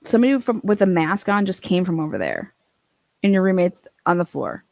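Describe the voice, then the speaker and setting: A woman's voice: fairly low pitch, sing-song, fairly quick, vocal fry, darkish tone, no room sound. A woman giving casual true-crime commentary, blunt and incredulous, swearing freely.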